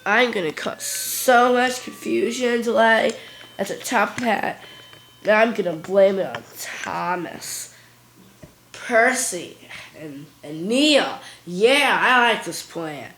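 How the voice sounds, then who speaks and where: A woman voicing a boastful, vain male steam engine from a toy train story, speaking slowly with hesitations. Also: mid-range voice, animated, a bit bright, roomy sound, slight background noise, rough recording.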